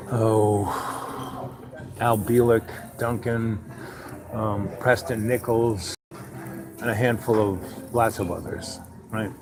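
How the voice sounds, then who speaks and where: A man hosting his own show, talking in a loose, meandering monologue full of "you know" asides, sometimes acting out little conversations. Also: fairly low pitch. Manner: acts out little dialogues with raised voice. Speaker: show host. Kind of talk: rambling casual monologue.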